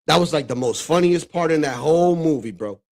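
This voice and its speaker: Male host from the Dominican Republic, slightly high voice, profane and excitable, casual reaction chat. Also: brisk, creaky. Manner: profane, excitable, laughs often. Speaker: streamer host reacting to clips.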